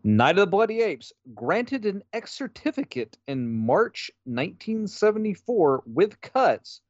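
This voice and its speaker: A man's voice: sits high, sing-song, a little slow, a little mellow, no room sound, highs cut off. A man co-hosting a casual podcast, sardonic and profane, sometimes reading aloud from a book. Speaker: podcast co-host.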